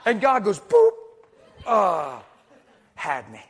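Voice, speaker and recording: A middle-aged man preaching a sermon, telling stories with hushed asides and loud bursts of emphasis. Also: sits high, moderate pace. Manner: storytelling, animated, swings between hushed asides and loud emphasis. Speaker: traveling preacher.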